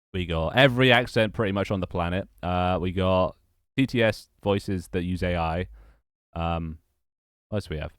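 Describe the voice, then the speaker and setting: A man's voice: low voice, clear, resonant tone, dry recording, studio quality. A young man chatting casually on a livestream, rambling and repeating his phrases as he greets viewers. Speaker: streamer and game developer.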